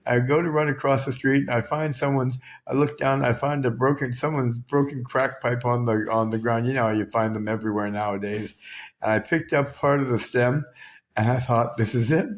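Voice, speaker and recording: A man's voice: medium pitch, steady tone, moderate pace. A Canadian man tells his own story straight to the camera. His speech is raw and profane, and it carries heavy emotion. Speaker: vlogger. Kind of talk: personal storytelling.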